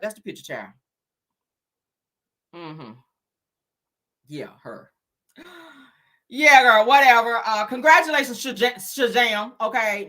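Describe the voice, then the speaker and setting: A woman's voice: mid-range voice, pushed and bright. A woman hosting casual celebrity gossip on a livestream, sassy and slangy, teasing her viewers and calling them honey and child.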